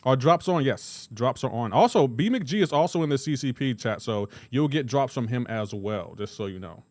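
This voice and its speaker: A male game streamer talks casually on a livestream, rambling through jokes and calling out chat viewers by name. His voice sits at an ordinary middle pitch. The recording is dry and close, with no room echo. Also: lively intonation, normal speed, a little mellow.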